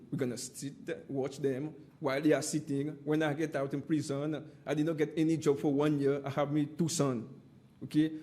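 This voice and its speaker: Testifying passionately before an inquiry panel, this man speaks in a mellow voice pitched fairly high. He repeats himself emphatically and keeps calling the panel "my friend."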